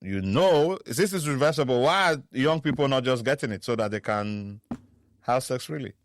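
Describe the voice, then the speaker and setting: A man with a Nigerian accent co-hosting a casual podcast chat, teasing and animated, slipping into pidgin. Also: mid-range voice, moderate pace, no echo, studio quality. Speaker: podcast co-host.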